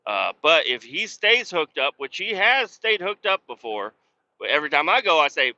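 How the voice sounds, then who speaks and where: A man with a fairly high, piercingly sharp voice rants about a coworker, cursing freely and mocking him with exasperation. The recording sounds dull and lo-fi. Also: very animated, moderate pace. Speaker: industrial cleaning worker telling a work story. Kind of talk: casual storytelling rant.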